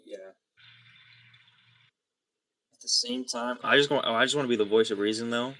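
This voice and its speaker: A man's voice: medium pitch, pushed and bright, no room sound. A young man chatting casually on a livestream from his bedroom, rambling and restarting his sentences. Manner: rambling, halting, many restarts.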